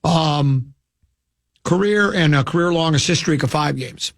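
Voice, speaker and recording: A male sports radio host in casual banter, playful and theatrical, often slipping into quick put-on voices. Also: fairly high pitch.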